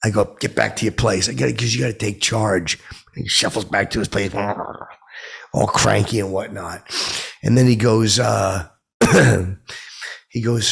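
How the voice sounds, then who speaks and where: A man with a gravelly, husky voice tells a long comic story in a dim, oblivious deadpan. He rambles with restarts and fillers. His pitch leaps up whenever he acts out what someone said. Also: normal speed, pauses often. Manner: dim, oblivious character voice that pitches up sharply when quoting people. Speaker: comedic podcast host.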